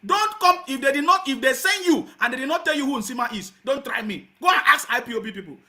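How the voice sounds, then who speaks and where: A man's voice: extremely high pitch, lively intonation, fast. A man with a Nigerian accent hosting a heated call-in radio show, angrily scolding and insulting callers. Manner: angry, insulting, shouting at callers.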